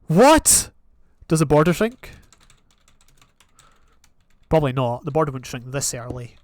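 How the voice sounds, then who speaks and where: A young man giving casual, rambling commentary on his own gameplay, with sudden excited outbursts. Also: mid-range voice, moderate pace. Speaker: gaming channel host.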